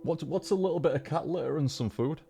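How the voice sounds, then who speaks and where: A man chatting casually on a live stream, rambling with halting restarts and frequent swearing. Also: a little high, vocal fry, dark tone, soft background music.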